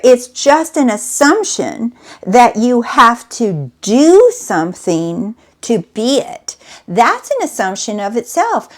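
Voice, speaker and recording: Woman coach talking to her viewers, kinda high voice, keeps repeating stuff and asking do you see. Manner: emphatic, repetitive, rhetorical questions. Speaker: manifestation coach. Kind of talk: motivational monologue to viewers.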